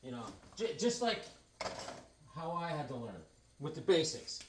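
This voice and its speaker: A worn-out man tells rambling, jokey stories with plenty of excitement. His voice sits fairly high for a man. He talks casually from a comic room in his home. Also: measured pace, breathy edge. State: tired from lack of sleep. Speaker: comic collecting channel host.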